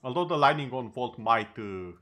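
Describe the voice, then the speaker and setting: A man's voice: mid-range voice, lively intonation, normal speed, pushed and bright, faint music behind. A male streamer in casual chat over gameplay, talking easily and tossing in sarcastic asides.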